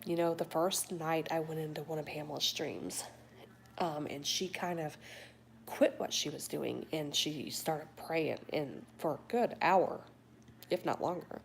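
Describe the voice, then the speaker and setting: A woman hosting a late-night livestream, reading viewer comments in a soft, often whispered, affectionate way; she sounds sleepy. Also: low voice, a little slow, a little hiss or hum. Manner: warm, affectionate toward viewers. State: sleepy but awake. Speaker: livestream host.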